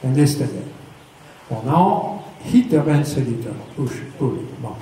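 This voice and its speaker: A man's voice: medium pitch, sing-song, unhurried, mellow. A man giving a hands-on riding lesson, patiently explaining step by step and checking for understanding. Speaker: riding instructor. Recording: echoey, distant mic with faint noise.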